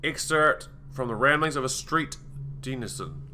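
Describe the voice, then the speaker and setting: A man hosting a let's play in a bright, forward voice at an everyday middle pitch. He talks casually to himself, reading menu and upgrade text aloud as he plays. He swears often and off-handedly. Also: lively intonation, moderate pace, a little hiss or hum. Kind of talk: casual gameplay commentary.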